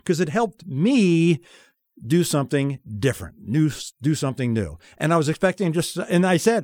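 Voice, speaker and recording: A man's voice: on the high side, expressive, moderate pace, a little mellow, no echo, clean studio sound. A man hosting a radio show, telling a personal story in casual chat and acting out the dialogue.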